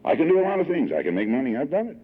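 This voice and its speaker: A man's voice: on the high side, huge pitch swings, racing. A man in his sixties from Southern California giving a heartfelt personal testimony at a recovery meeting, telling his story with emotional swells. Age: 60s. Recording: tinny lo-fi 1982 archive tape.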